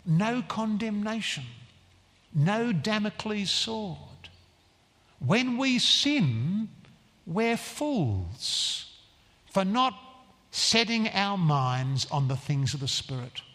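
A man preaching a sermon in a church, earnest and emphatic, stressing phrases slowly. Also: sits high, sing-song, fairly bright tone, in a large hall.

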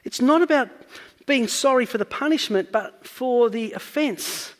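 A man's voice: extremely high pitch, unhurried, long reverb tail. A man preaching a sermon, earnestly teaching and building up to emphatic points.

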